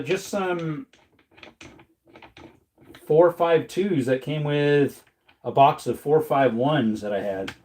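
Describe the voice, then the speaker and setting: Guy running a chatty live stream, kinda high voice but mellow and warm, cracks jokes. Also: a little hiss or hum. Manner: joking, chatty, reads chat aloud, puts on silly voices. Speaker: livestream host reloading ammunition. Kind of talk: casual livestream chat.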